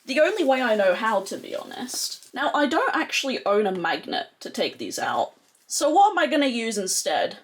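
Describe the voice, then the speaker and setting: A young adult woman who talks chattily and excitably as a beauty vlogger, with lots of "like" fillers. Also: a little high, moderate pace, slightly rough. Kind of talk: casual chatty tutorial.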